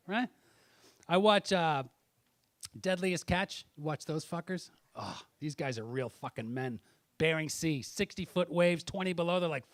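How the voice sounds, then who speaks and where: A man's voice: on the high side, a little fast, fairly bright tone, no echo. A middle-aged man doing a brash, profane stand-up set on a comedy club stage, teasing the audience between jokes. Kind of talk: stand-up set with crowd work.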